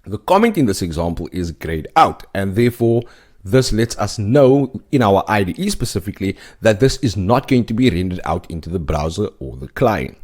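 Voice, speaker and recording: A man with a fairly low voice walks through a coding tutorial. He explains each step plainly and keeps checking in with a quick "okay?". He sounds like a teacher working through a lesson. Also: big pitch swings, darkish tone. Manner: explanatory, often tags points with "okay?". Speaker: web development instructor. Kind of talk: scripted tutorial narration.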